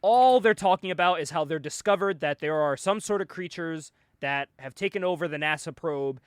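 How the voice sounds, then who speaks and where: A man hosting a podcast, casually retelling a comic book story with animated energy, frequent laughs and swearing. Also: a little high, normal speed, clean tone, dry recording. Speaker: podcast host recapping a comic. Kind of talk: casual chat.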